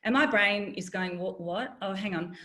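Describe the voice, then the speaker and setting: A woman's voice: mid-range voice, moderate pace, pushed and bright, slight background noise. A middle-aged woman, telling a personal story in an interview, candid and wry. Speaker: guest, former journalist.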